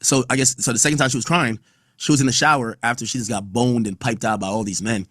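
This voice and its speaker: A male podcast host talks fast in a mid-range voice with fairly even intonation and a fairly bright tone. He reads court testimony aloud and riffs on it with blunt, profane, casual commentary, in a dry recording with clean studio sound.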